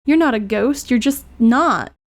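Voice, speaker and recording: A woman's voice: on the high side, lively intonation, unhurried. A woman reading game dialogue as a proud, hot-tempered teenage heroine who is brusque but tender underneath. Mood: upset.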